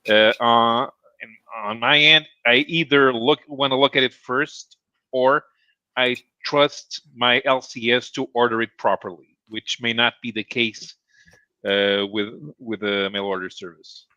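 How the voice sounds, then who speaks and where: A man with a bright, forceful voice hosts a casual comic-book stream, halting and restarting as he thinks aloud. His mic sounds dull and lo-fi, with a dry sound. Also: mid-range voice, fairly even intonation, dry recording. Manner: hesitant, many restarts and fillers. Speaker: stream host. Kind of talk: casual livestream chat.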